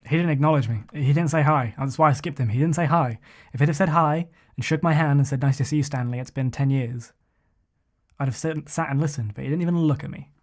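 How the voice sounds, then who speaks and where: A man's voice: fairly high pitch, fast talker, a little mellow. A man casually commentating a game on a live stream, joking and chatting to himself and his viewers.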